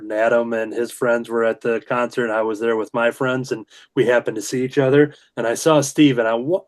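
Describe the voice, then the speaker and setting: A man with an everyday mid-range voice, talking casually as a guest on a video call. He tells his stories in a loose, rambling way, stopping to restart and filling pauses with "uh" and "um.". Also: mid-range voice, a little mellow. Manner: rambling storytelling with many fillers and restarts. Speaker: guest comic creator. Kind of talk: casual chat.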